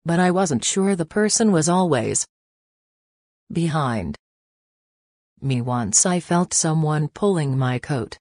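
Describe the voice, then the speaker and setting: A woman reading as a secretive, uneasy man who keeps an old crown hidden. The voice is low and unhurried, read close and dry with no room sound. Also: lively intonation, darkish tone, no echo, heavily acted.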